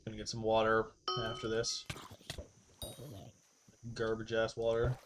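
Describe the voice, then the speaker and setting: A man's voice: fairly low pitch, completely flat delivery, measured pace, soft background music. A young man streaming a game, chatting loosely to himself and his viewers, swearing casually and laughing at himself. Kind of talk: casual gameplay commentary.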